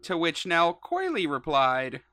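A woman's voice: low voice, wildly swooping pitch, a little slow, pushed and bright, dry recording. A woman co-hosting a casual podcast, joking and reading out news segments. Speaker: podcast co-host.

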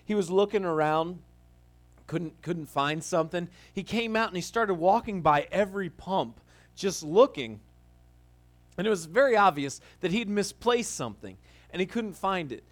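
A man with a high voice tells a story in a loose, conversational sermon style. He talks as a pastor would to a congregation, often restarting his phrases. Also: expressive, normal speed. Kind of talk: casual sermon-style talk.

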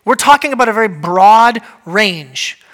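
A man delivers a church sermon in a high, bright voice. He talks conversationally with plenty of fillers. He slips into playful quoted voices to make his points. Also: lively intonation, measured pace. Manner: humorous, acts out quoted voices. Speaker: pastor. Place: church service.

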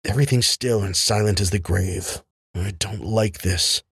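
A scarred woman soldier, hostile and on edge, as a male narrator voices her, clipped and sneering with suspicion. Her lines come slow and heavy, in a husky, low voice that is dry and close. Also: a bit bright, no room sound, full character voice. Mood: tense.

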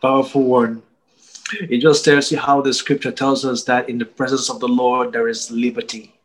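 A man hosts and answers the story with earnest commentary that sounds like a short sermon. His voice sits at a middle pitch. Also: level tone, normal speed, low-quality recording. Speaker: host. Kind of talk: preaching commentary.

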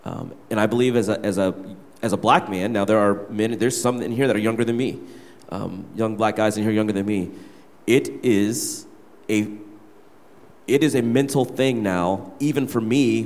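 A young man who leads worship tells his church gathering a personal story, speaking candidly. He talks fairly quickly in a fairly low, slightly mellow voice, and the church hall gives the recording a reverberant sound.

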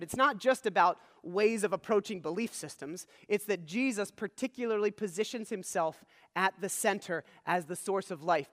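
Man, pastor, sermon, high voice, earnest teaching tone, long hall echo. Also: fairly bright tone. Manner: earnest teaching, frequent "all right?" check-ins.

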